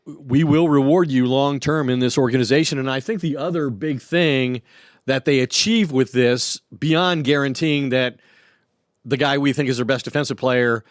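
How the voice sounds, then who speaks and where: A man co-hosting a sports podcast as a reporter, speaking in a measured, informed way and adding inside details. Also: mid-range voice, dry recording, studio quality. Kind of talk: casual sports podcast chat.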